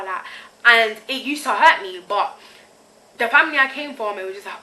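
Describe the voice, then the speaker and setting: A woman's voice: fairly high pitch, moderate pace, sharp tone, rough recording. A young woman speaking candidly to her own camera in a confessional vlog, using slang and often checking that the listener follows her. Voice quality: candid, slangy, keeps asking "you get me". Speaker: vlogger. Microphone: camera mic, self-filmed.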